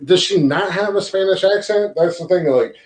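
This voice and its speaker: A man's voice: high voice, normal speed, a little hiss or hum. A man co-hosting a podcast, joking around in crude, casual banter. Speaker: podcast co-host. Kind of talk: casual chat.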